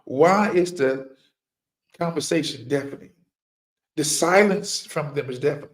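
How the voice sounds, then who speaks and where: A man's voice: fairly high pitch, a little slow. A middle-aged man giving an impassioned, preaching monologue as a firearms trainer, repeating key lines for emphasis and firing rhetorical questions at his listeners.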